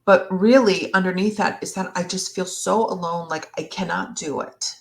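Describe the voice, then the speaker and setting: A woman therapist in a live Q&A, speaking slowly and reflectively, sometimes acting out what a partner might say. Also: lowish voice, fairly even intonation, vocal fry. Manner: slow, reflective, acts out partner's words. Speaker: relationship therapist. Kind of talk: live Q&A discussion.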